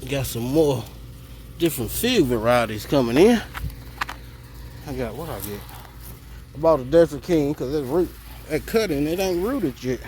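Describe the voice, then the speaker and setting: A man's voice: medium pitch, lively intonation, normal speed, long pauses, a little mellow, slight background noise, low-quality recording. A man giving an easygoing, thinking-aloud tour of his home garden outdoors, filmed on a handheld phone. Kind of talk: casual garden walk-through. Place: outdoor garden on a hot day.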